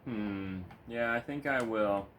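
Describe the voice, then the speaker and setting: Man, gaming creator, easygoing, swears a lot, baby-talks his pet, lowish voice, faint hum behind. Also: slow pace, a bit bright. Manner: laid-back, swears freely, coos baby talk at his cat. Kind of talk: casual gameplay commentary. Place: home room.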